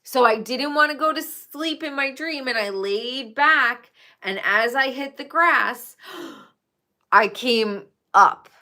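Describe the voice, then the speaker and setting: Woman streamer, slow unhurried delivery, chatty and profane, talks straight to viewers. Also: sits high, sharp tone. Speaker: livestreamer. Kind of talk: casual chat with viewers.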